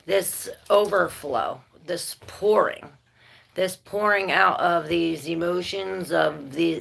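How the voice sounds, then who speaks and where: A woman's voice: lowish voice, vocal fry, fairly bright tone. A woman giving a casual, rambling tarot reading, thinking aloud and laughing and swearing now and then. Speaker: tarot reader.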